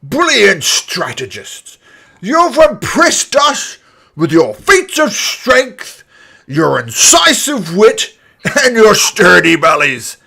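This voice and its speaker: A man's voice: sits high, huge pitch swings, takes it slowly, creaky, bright, forceful tone, pitched above the performer's own voice, full character voice. A man voicing an elderly male orc announcer who makes grand, ceremonious proclamations to a crowd. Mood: grandiose. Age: older.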